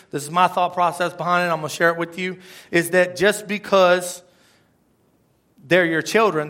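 A man's voice: on the high side, fairly bright tone. A man preaching a conversational sermon, often asking the congregation questions. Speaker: pastor.

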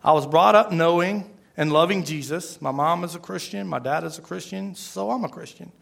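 A man preaching voices a little girl who answers calmly and plainly. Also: fairly high pitch, normal speed, creaky, heavily acted. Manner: calm, matter-of-fact. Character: calm, clever little girl.

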